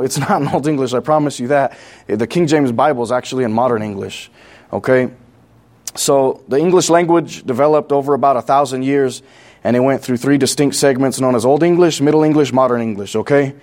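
A man's voice: medium pitch, darkish tone. A man preaching a conversational sermon, repeating key points and asking the congregation questions.

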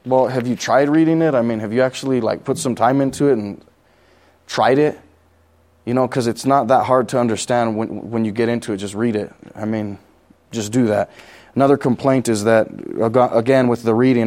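A man's voice: mid-range voice, fairly quick, a little mellow. A man preaching a conversational sermon, repeating key points and asking the congregation questions.

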